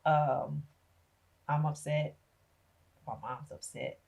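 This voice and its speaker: A low-voiced woman with a husky grain tells her life story as a podcast guest. She is middle-aged, talks with feeling and slips into the voices of the people in her tale. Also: slow pace. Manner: animated retelling, acting out family members' voices. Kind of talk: emotional personal storytelling.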